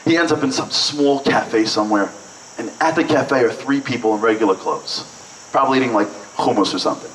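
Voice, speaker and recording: A man from Brooklyn, telling lively, joking stories to an audience with lots of "like"s. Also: mid-range voice, brisk, a little hiss or hum. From Brooklyn, New York. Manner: lively, joking, chatty with many "like"s. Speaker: event speaker. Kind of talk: storytelling speech to an audience. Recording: echoey hall, mic at a distance.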